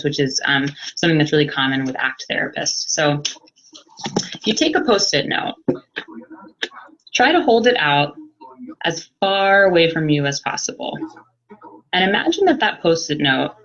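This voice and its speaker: A woman psychologist giving an educational webinar talk in a calm, explanatory way, pausing often as she thinks. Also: low-pitched, muffled recording. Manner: calm, explanatory, hesitant with pauses. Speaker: psychologist presenter. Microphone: computer mic on a video webinar.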